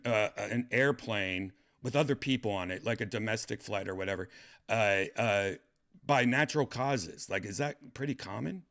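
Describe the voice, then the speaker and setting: A man's voice: on the low side, moderate pace, fairly bright tone. A man hosting a casual livestream chat, rambling and hesitant, full of fillers and restarts. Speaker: podcast host.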